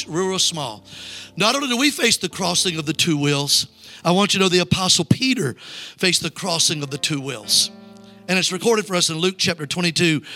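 Evangelist, male, high bright voice, rousing sermon delivery that calls on the crowd to read along. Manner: urges the crowd to read aloud.

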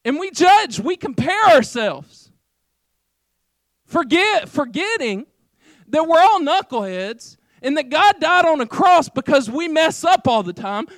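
A middle-aged man, preaching a sermon in a casual, conversational way with lots of fillers, swinging between loud emphasis and quiet asides. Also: extremely high pitch, sing-song, unhurried, no room sound. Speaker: pastor.

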